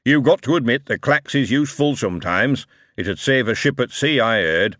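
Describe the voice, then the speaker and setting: A man doing a blunt, argumentative dwarf in a bar, loud and rough in an audiobook. The voice rises and falls a lot and sounds dry and close. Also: mid-range voice, animated, normal speed, no room sound, voice pushed up, lightly acted. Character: gruff male dwarf drinker, blunt, argumentative.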